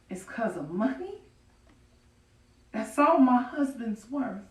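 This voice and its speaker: An actress voicing an enslaved widow from the old South pours her heart out to God in a stage monologue, earthy and defiant, with a slow, drawn-out delivery and a raised pitch. The sound is distant and echoey, as if taken from far off at an outdoor stage. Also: darkish tone. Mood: bitter anger. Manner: folksy, confiding, breaks into rueful laughter. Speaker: stage actor in a historical monologue. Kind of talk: theatrical monologue, prayer to God. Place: outdoor performance on a farm.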